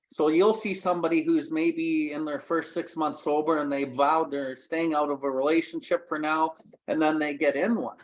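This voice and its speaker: A man hosting a recovery podcast, calmly explaining points from the literature in casual talk. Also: mid-range voice. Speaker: podcast host and sponsor.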